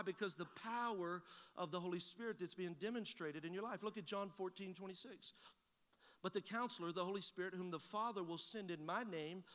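Folksy pastor, man, bright voice in a hall. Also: sits high. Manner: folksy storytelling, acting out both sides of a conversation. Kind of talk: sermon with a personal story. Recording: long hall reverb.

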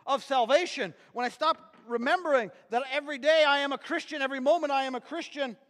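A man preaching a sermon with an object lesson, emphatic and energetic, repeating phrases for effect. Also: extremely high pitch, fast, long reverb tail.

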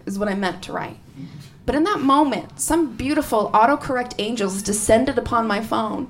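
A young woman performing stand-up comedy, telling stories in an animated way, often laughing and jumping up into high squeals. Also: a little fast.

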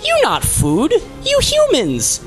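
A man's voice: very high voice, wildly swooping pitch, slow, soft background music, pitched above the performer's own voice, full character voice. A man voicing a huge, dim-witted male archdemon centaur who talks in broken, simple-minded sentences. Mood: dopey, curious.

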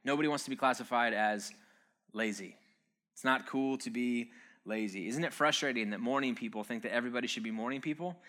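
A man's voice: medium pitch, brisk, sharp tone. A man giving a casual, joking sermon-style talk, conversational and wry, with frequent "um"s and "uh"s.

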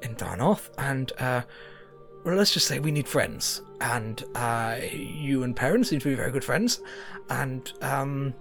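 A fussy, gushing chancellor with a put-on French accent, as a woman puts her on, her voice swooping lively up and down. Courteous and halting, full of ums. It sounds like a lo-fi call with music playing clearly behind. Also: extremely low pitch, voice pushed down, exaggerated voice. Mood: pleading. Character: polite, fussy female chancellor of a fantasy nation.

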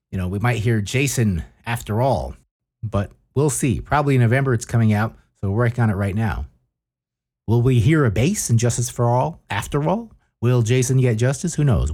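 A man's voice: on the low side, a little mellow, breathy edge. A man hosting a podcast, reading news in casual chat with wry, offhand asides. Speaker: podcast host.

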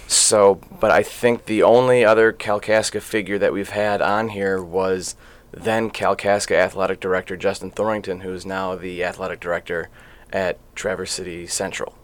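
Low-voiced rambling male podcast host. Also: steady tone, normal speed. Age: late 30s. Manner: rambling, with frequent filler sounds. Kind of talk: casual sports interview. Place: podcast studio.

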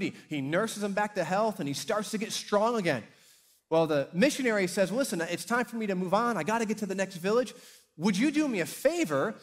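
A middle-aged pastor tells stories from the pulpit in a fairly high, bright-edged man's voice. He acts out his characters with energy and raises his voice at the big moments. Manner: animated storyteller, acting out characters and shouting at climaxes. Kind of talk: sermon with storytelling. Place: church hall.

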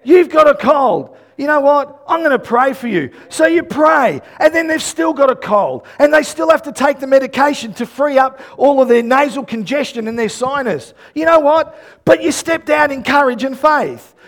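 A man delivering a sermon in a strikingly high voice. He tells stories with lots of acted-out dialogue and bursts into shouts for emphasis. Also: normal speed. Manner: animated, acts out quoted dialogue, shouts emphasis. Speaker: pastor.

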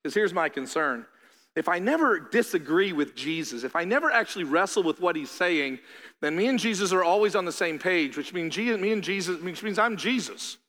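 Animated pastor preaching in a reverberant hall. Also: male voice, high voice, a little fast. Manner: animated, acts out voices of listeners. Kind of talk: sermon.

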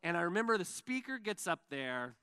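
A pastor delivers a sermon with a high, bright voice. He tells stories in a loose, animated way, full of fillers, and acts out what people said. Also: a little fast, smooth. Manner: animated storytelling with fillers and acted-out quotes.

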